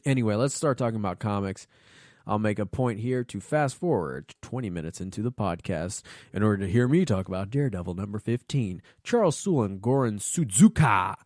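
Profane, excitable male podcast host. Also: lowish voice, fairly quick, no room sound, clean studio sound. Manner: profane, excitable rambling with laughs. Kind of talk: casual solo podcast monologue.

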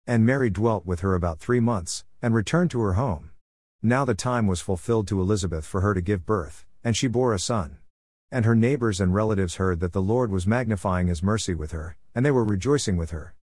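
A man reads scripture aloud in a steady, formal cadence. His voice sits low, and the recording is dry and close with no room sound. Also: dry recording. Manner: steady, even, formal reading. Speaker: scripture reader.

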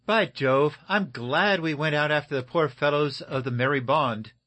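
Eager older boatyard boss read by a man, explains things fast and keen. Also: medium pitch. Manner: excited explanatory.

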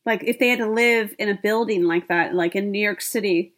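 A woman in casual chat about a reality show, measured and opinionated. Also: mid-range voice, a bit bright.

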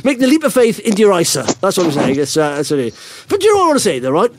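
Middle-aged male podcast host, excitable rambler, high animated delivery. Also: dry recording. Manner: excitable, rambling, quick-fire. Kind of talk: casual investing podcast chat.

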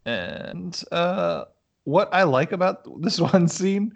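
A man's voice: high voice, expressive, takes it slowly, gravelly, lo-fi sound. A man casually recapping a movie with a friend, joking crudely and laughing often. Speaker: podcast co-host.

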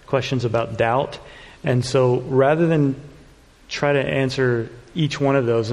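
A man answering congregation questions in a sermon, steady and explanatory, often checking in with "okay?". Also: medium pitch. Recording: long hall reverb.

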